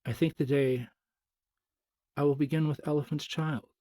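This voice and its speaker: A man voicing a sly, hungry male crocodile who coaxes softly in a storybook reading. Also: expressive, a little fast, slightly rough. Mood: gloating. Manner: soft, coaxing, low.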